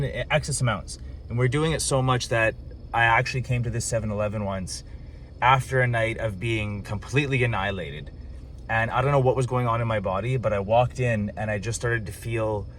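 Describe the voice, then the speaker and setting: A man's voice: lowish voice, a bit bright, slight background noise. A young man vlogging, telling stories in a loose, chatty way full of casual swearing. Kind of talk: casual vlog storytelling.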